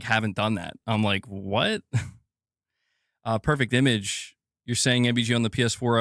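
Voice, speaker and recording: A man's voice: fairly low pitch, fairly bright tone, no echo, clean studio sound. A man hosting a live gaming news stream, ranting casually and swearing as he talks to his chat.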